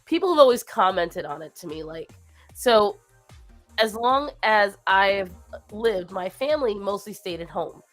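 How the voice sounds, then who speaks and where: Chatting loosely with her livestream audience, this host wanders from topic to topic, low and tired after a long week, and pauses to coo baby talk at her pets. She's animated and a touch bright, speaking a little slowly over faint background music.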